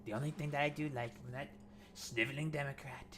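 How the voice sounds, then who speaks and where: A man's voice: mid-range voice, steady tone, quick pace, a little hiss or hum, close to an everyday voice. A man putting on a comic impression of a boastful older male politician, full of repeated superlatives and exaggerated bragging. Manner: exaggerated bragging, repeats catchphrases, swings loud and soft.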